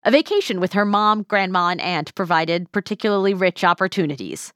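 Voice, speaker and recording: A woman podcast host who narrates a scripted story in a measured way and interviews a guest. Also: medium pitch, fairly bright tone, clear, resonant tone, dry recording, studio quality.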